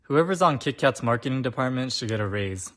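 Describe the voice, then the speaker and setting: A man's voice: mid-range voice, lively intonation, a little fast, fairly bright tone. Young man, jokey teacher, punny short lessons, phone recording. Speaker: language teacher on short videos. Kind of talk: comedic short-form lesson.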